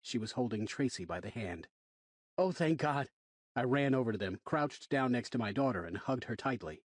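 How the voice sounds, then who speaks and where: A man narrating a first-person horror audiobook in an expressive, wry way. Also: lowish voice, fairly quick, breathy edge, dry recording, studio quality.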